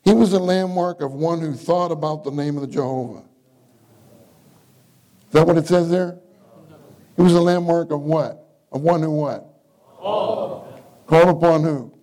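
A man's voice: on the high side, normal speed, pauses often, dark tone, low-quality recording. A male preacher giving a conversational sermon at a church meeting, often putting questions to his listeners. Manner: interactive, questions the congregation.

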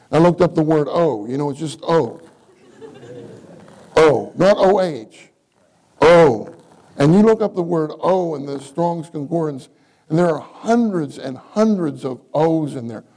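A man's voice: on the high side, animated, a little slow, mellow, poor audio. A male preacher giving a conversational sermon at a church meeting, often putting questions to his listeners. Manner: interactive, questions the congregation.

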